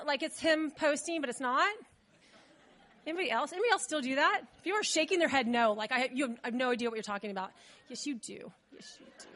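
High, bright-voiced woman preaching. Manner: chatty, animated preaching with asides to the congregation. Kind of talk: sermon.

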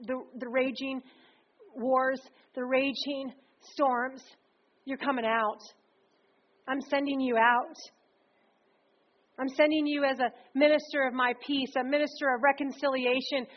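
A woman preacher delivering a sermon in a conversational, energetic way, often slipping into acted quotes. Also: high-pitched, a little slow. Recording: dull lo-fi recording.

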